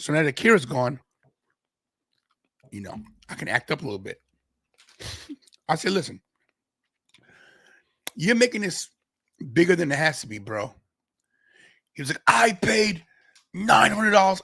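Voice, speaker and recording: Animated Brooklyn man telling a story. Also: a little high, gravelly, no echo, clean studio sound. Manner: acts out other people's lines in quick voices. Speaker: podcast host.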